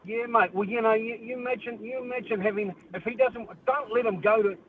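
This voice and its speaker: A man's voice: extremely high pitch, a little fast. A man from New Zealand with a New Zealand accent, calling in to a sports radio show and rambling, with "mate" in most lines. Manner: rambling, says "mate" often. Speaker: caller. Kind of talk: talkback call. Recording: tinny phone line with faint noise.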